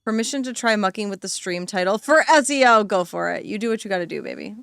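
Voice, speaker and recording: A young woman streaming a game, reacting with excitable, giggly commentary. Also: medium pitch, fast, creaky, clear, resonant tone, no echo, clean studio sound.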